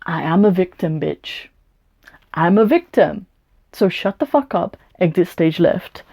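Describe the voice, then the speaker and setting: A woman's voice: on the low side, animated, moderate pace, mellow. A young woman from England vlogging a storytime rant, blunt and combative, swearing often as she answers a hostile comment.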